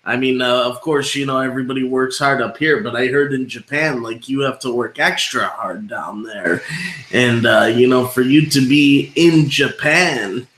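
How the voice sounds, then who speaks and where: A man's voice: medium pitch, normal speed, a bit bright. A man hosting a wrestling interview show, asking long rambling questions full of fillers. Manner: rambling, many fillers and restarts. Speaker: podcast host, interviewer. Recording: echoey room.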